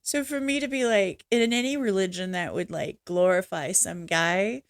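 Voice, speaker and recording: A woman hosting a casual reaction video, talking in a rambling, halting way with blunt opinions. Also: medium pitch, clear, resonant tone, dry recording, studio quality. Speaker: reaction channel host. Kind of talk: casual unscripted reaction commentary.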